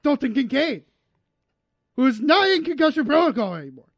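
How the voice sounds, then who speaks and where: A male podcast host with a playful, jokey manner whose voice sits unusually high and jumps around a lot. He drags out lists in a mock-formal announcer cadence. The sound is dry and close, with no room around it. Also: very animated, fairly quick, a bit bright, dry recording. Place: his own room on a remote call.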